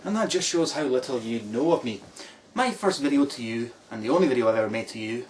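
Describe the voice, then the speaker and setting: A Scottish man delivers slow, sneering put-downs in a sarcastic reply video. He sits back from the microphone, so his voice sounds distant, with a faint hum of background noise. His pitch sits in an ordinary middle range. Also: expressive. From Scotland. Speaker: video blogger replying to a critic.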